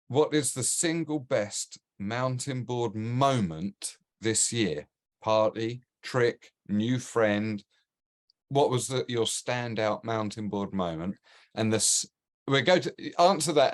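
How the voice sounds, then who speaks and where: A man with a British accent hosting a casual podcast interview, chatty and quick to laugh. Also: lowish voice. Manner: chatty, laughs easily, many restarts. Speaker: podcast host.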